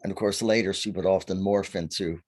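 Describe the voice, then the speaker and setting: A man's voice: sits low, brisk. A man from Virginia, a guest telling stories animatedly on a video call. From Virginia, USA. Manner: animated storyteller, acting out quotes. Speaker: guest, faery seer. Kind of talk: storytelling in a conversation.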